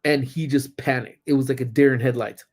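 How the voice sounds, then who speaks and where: A man's voice: medium pitch, steady tone, fairly quick. A man hosting a casual live-stream chat from a parked car, telling stories with lots of ums and turning blunt and profane when he is annoyed. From Southern California. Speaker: livestream host.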